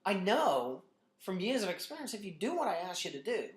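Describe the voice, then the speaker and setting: Blunt, energetic gym owner with echo. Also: male voice, high voice, fairly quick. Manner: blunt, energetic, heavy "you know" fillers. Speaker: fitness gym owner and trainer. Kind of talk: motivational talk to a group. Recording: echoey room.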